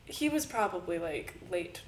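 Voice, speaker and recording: A woman co-hosting a casual podcast, telling an animated story and acting out quotes with frequent laughter. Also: lowish voice, moderate pace, a little hiss or hum. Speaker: podcast co-host.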